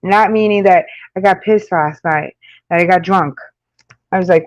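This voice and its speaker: A woman's voice: medium pitch, normal speed, darkish tone, dull audio. A woman with a New York accent chatting casually with live-stream viewers, rambling with lots of fillers and frequent laughs. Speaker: makeup channel host.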